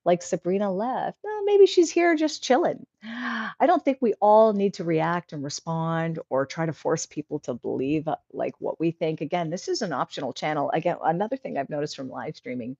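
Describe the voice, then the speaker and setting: A woman's voice: sits low, normal speed, creaky, warm tone, no echo, highs cut off. A woman hosting a casual livestream, reading viewer comments aloud and answering them in an earnest, encouraging way that rambles a little. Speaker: livestream host.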